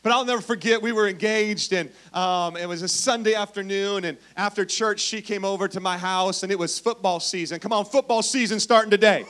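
A man with a notably high voice delivers a sermon as a pastor. He tells stories with humor and keeps calling on the congregation to answer him. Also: fairly even intonation, a little fast, hardly any pauses, a bit bright. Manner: playful, asks the crowd for responses.

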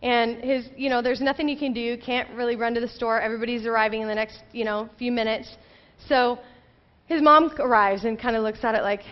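A woman in her thirties preaches from a church stage, her voice a little higher than most. She tells a personal story in a chatty, conversational way, then rises into urgent questions. The sound is slightly dull and muffled. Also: fairly even intonation, brisk. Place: church sanctuary.

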